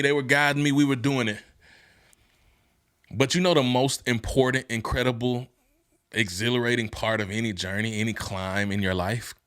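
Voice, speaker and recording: A man hosting a motivational podcast, talking in casual slang and laughing often, building from easygoing storytelling into shouted, fired-up preaching. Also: mid-range voice. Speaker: podcast host and motivational speaker.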